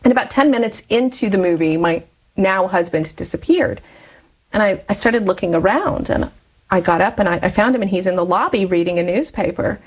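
A woman's voice: medium pitch, fairly quick, husky, poor audio. Chatty woman in her forties telling a personal story. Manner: chatty, laughs often between phrases. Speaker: interview guest.

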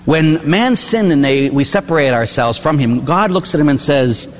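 In a large hall, an older priest from Pittsburgh, USA, delivers a sermon at normal speed with a fairly high, expressive voice. He tells it folksy-style, tagging lines with "huh?" and imitating voices.

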